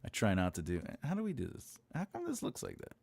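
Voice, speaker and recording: A man with a lowish, darkish voice speaks fast, his pitch swooping wildly, with vocal fry throughout. He is hosting a live writing class as its teacher, chatting jokingly and casually, rambling with lots of filler sounds, and responding aloud to chat comments.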